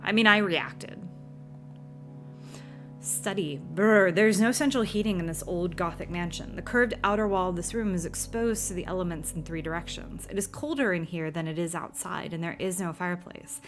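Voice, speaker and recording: A woman's voice: lowish voice, moderate pace, faint music behind. A woman playing through an old horror computer game, reading its text aloud with dramatic flair and dropping wry asides. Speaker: game streamer.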